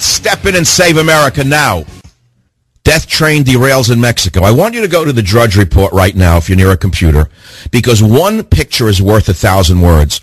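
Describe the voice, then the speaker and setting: A man's voice: mid-range voice, a bit bright, slightly rough, no room sound. A male talk radio host in a heated monologue, ranting and hammering his listeners with rhetorical questions.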